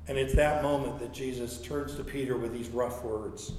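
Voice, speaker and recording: With a slightly mellow, medium-pitched voice and fairly even intonation, a man delivers a sermon at normal speed. As a pastor, he tells stories, voices the quoted speech, and frequently repeats words, all in an echoey room.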